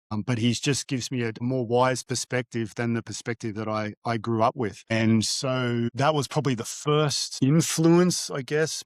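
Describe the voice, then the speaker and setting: A man's voice: mid-range voice, dry recording. Reflective man, dry close sound. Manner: halting, with frequent fillers and restarts. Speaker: guest, divorced father. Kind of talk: reflective storytelling in an interview.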